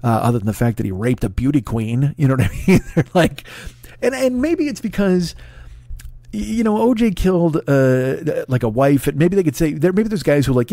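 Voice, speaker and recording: A man's voice: a little high, lively intonation, brisk, mellow, no echo, studio quality. A man in his forties delivering a solo comedic podcast monologue, ranting and swearing freely, chuckling and restarting sentences as he riffs. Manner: profane, ranting, riffing with laughs and restarts. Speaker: podcast host.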